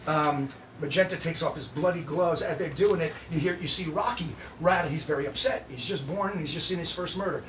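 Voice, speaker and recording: A man retelling a stage show on a live stream in a lively way, often restarting his sentences and laughing along. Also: a little high, a little fast, hardly any pauses, echoey room, distant mic, slight background noise.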